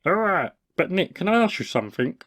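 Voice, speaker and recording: A man's voice: high voice, big pitch swings, brisk, a bit bright. A man voicing a sly young male neighbour, teasing and dryly sarcastic. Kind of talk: cartoon voice acting.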